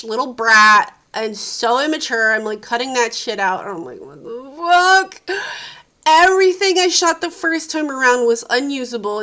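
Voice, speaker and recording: Exhausted woman vlogger; slightly high, bright voice; profane, exasperated venting. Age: adult parent. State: sleep-deprived, tired. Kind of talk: casual venting vlog.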